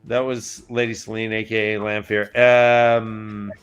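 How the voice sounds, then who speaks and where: A man's voice: fairly low pitch, flat delivery, a little slow, clear, resonant tone, lo-fi sound, faint music behind. A man co-hosting a casual book podcast, retelling scenes with jokes and acted-out quotes. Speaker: podcast co-host. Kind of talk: casual book-recap chat.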